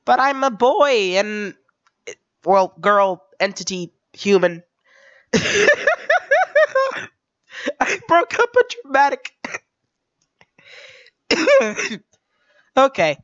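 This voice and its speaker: Lady gamer freaking out at her game, super lively voice, takes her time, game music going. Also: mid-range voice, extremely slow, pauses often, no echo, muffled recording. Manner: excitable, giggly, talking to the game. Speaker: game streamer. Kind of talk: let's play commentary. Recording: game music playing behind.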